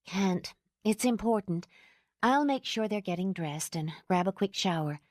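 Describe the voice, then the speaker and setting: A woman voicing an exhausted, gentle young mother who speaks in a calm, earnest way. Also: medium pitch, measured pace, no room sound, clean studio sound. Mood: hurried.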